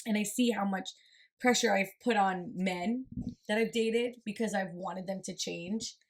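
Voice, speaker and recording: A woman in casual chat with friends, talking earnestly and warmly about raising her young son, with many "like"s. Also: medium pitch, a little slow. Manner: earnest, heartfelt, lots of "like". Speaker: podcast co-host.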